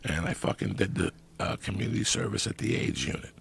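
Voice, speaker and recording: Gravelly deep-voiced man telling wild stories. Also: a little fast. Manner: loud animated storytelling with heavy swearing. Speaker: podcast guest storyteller. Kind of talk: profane comedic storytelling.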